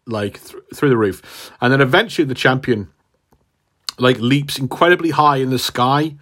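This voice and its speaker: A man's voice: medium pitch, normal speed. A man co-hosting a podcast who retells a comic book plot in a casual, rambling way, full of fillers and laughs. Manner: animated, rambling, laughs a lot, many fillers. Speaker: podcast co-host.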